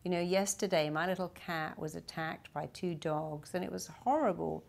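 A woman giving a motivational talk, earnest and storytelling. She slows down to stress her key points. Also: on the low side, vocal fry. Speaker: therapist and motivational speaker. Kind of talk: motivational talk with personal stories.

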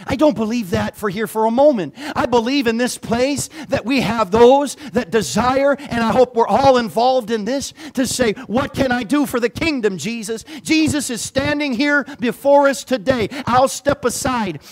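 A middle-aged man preaching a sermon as pastor, swinging between soft, low passages and loud, raised emphasis. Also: expressive, moderate pace, hardly any pauses.

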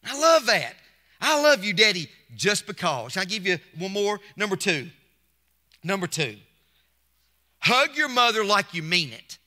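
A man's voice: high-pitched, very animated, unhurried, pauses often, pushed and bright. A middle-aged man, preaching a Mother's Day sermon from the pulpit with emphatic repetition and call-outs to the congregation. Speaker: pastor. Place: church sanctuary. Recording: long church hall reverb.

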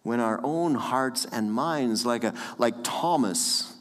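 Unhurried pastor preaching in a reverberant church. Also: male voice, medium pitch. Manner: earnest, with light chuckles and repeated phrases. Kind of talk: sermon. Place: church sanctuary.

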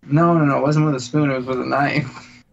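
A man's voice: medium pitch, steady tone, a little fast, creaky. A man co-hosting a podcast, telling dad jokes and school stories in a dry, slightly hesitant way. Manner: dry joke teller, slightly hesitant, with fillers. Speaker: podcast co-host. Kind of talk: casual chat, telling jokes. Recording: slightly dull podcast audio with faint noise.

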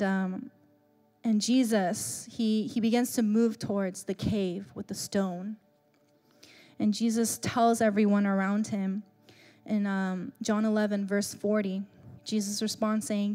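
A young woman pastor preaching a sermon in a chatty, animated storytelling way, with many fillers. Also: medium pitch, measured pace, faint music behind.

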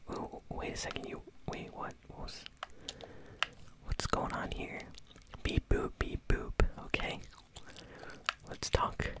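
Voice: takes it slowly, pauses often. An ASMR gaming host whispering casual, easily amused gameplay commentary while chewing bubblegum.

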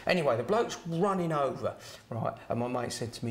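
A man's voice: mid-range voice, expressive, a little fast, slight background noise. A middle-aged man from Kent, chatting as a former doorman who tells anecdotes and adds "right?" tags and chuckles. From Kent, England. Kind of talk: casual anecdote telling.

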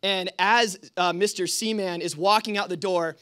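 A man's voice: high-pitched, steady tone, moderate pace, a bit bright, clean tone. A young man leading a youth group, telling stories in a casual, rambling way with lots of fillers. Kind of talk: storytelling talk to a youth group.

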